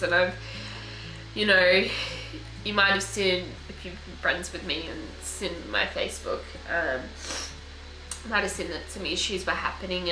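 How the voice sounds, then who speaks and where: A young woman recording a personal video diary, speaking in an emotional, halting way while tearful. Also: mid-range voice, pushed and bright. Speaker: vlogger. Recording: echoey room with faint music.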